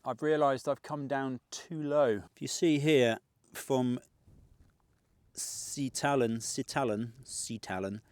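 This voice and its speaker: A man's voice: mid-range voice, steady tone, slow pace. A middle-aged man talking to his camera outdoors on open fells. He rambles in a chatty, self-deprecating way as he narrates his route. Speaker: fell runner vlogger. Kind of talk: casual outdoor vlog narration.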